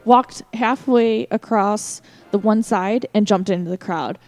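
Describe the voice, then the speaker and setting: A young woman co-hosting a podcast, telling stories in an animated, casual way and swearing often. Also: medium pitch, a little slow, no echo. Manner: animated, profane storytelling. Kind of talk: casual chat.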